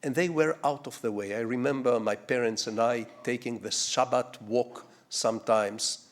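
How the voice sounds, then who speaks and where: An older man from Israel with an Israeli accent, giving a public lecture as a digressive storyteller who poses rhetorical questions and swings from quiet asides to loud, sweeping lines. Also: medium pitch, steady tone, moderate pace. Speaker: guest lecturer.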